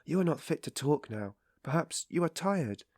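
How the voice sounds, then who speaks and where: An earnest young woman, as a male narrator puts her on, firm yet gentle, speaks high and restrained. The voice is dry and close to the mic. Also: a little fast, dry recording, natural voice. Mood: earnest concern.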